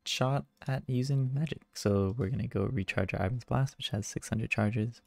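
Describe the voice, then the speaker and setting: Man, gravelly voice, casual game commentary, chatty, dry close sound. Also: mid-range voice, normal speed, no room sound. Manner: chatty, self-mocking, jumps to excited outbursts. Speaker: gaming video creator.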